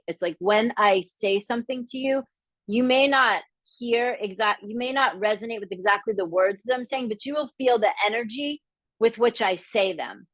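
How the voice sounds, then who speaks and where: A middle-aged woman from the area, teaching a live masterclass in a candid, lively way, acting out the voices she quotes. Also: mid-range voice, dry recording. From Boston area, Massachusetts. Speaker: business coach.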